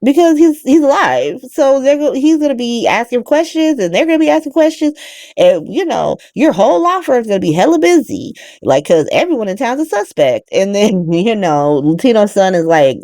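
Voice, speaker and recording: A woman hosting a podcast, chatting casually as she recaps a soap opera in an animated, profane way, laughing as she goes. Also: a little high, normal speed, no room sound, clean studio sound. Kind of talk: casual chat.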